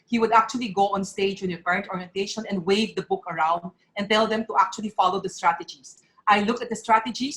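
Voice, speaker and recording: A woman's voice: mid-range voice, fairly bright tone, rough recording. A middle-aged woman gives an earnest, emotional talk at a parents' forum, and her voice sometimes breaks.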